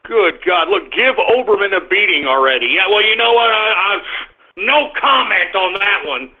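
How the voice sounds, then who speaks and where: Ranting high-voiced man, tinny sound. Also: animated, moderate pace. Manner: crude, belligerent, prone to shouting outbursts. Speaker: internet radio host. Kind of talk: live streamed radio rant. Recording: tinny phone-like audio.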